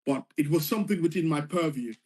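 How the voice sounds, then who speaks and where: A man's voice: a little high, animated, fast talker, a little mellow. A man earnestly retelling a personal story, repeating phrases for emphasis. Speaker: former foreign service official telling his story.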